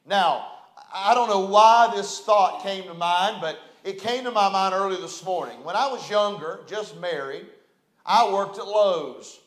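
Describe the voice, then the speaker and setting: A man's voice: high voice, a little slow. A middle-aged man with a West Virginian accent preaching a folksy, conversational storytelling sermon in a church sanctuary. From West Virginia, USA. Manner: folksy, conversational, repeats phrases. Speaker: pastor. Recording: roomy church echo.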